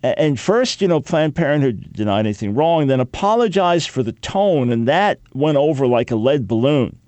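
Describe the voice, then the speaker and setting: A man's voice: medium pitch, big pitch swings, moderate pace, darkish tone, dry recording. A man hosting a radio talk show, giving sarcastic commentary with mock gasps and frequent restarts.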